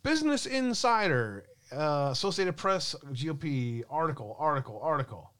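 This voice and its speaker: Man, live-stream host, casual chat, laughs a lot, smooth voice, dry close sound. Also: fairly high pitch, expressive, moderate pace, a bit bright, dry recording. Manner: chatty, reads chat aloud, laughs often.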